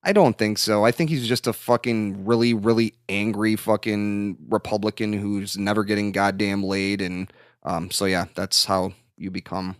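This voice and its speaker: A man's voice: on the low side, fairly even intonation, normal speed, no echo, studio quality. A man co-hosting a podcast, rambling and swearing freely in casual chat. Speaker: podcast co-host.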